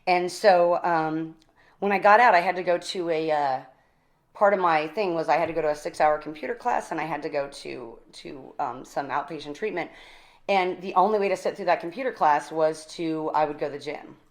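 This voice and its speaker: A woman in her forties, energetic and animated, telling her recovery story in a casual interview, often laughing. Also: low voice, normal speed. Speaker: guest.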